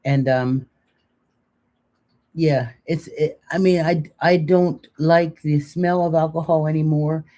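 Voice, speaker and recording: Mellow-voiced older woman, chatty and joking. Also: sits low, fairly even intonation, slow pace. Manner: chatty, joking, rambling storyteller. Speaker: co-host. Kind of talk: casual chat on a live stream.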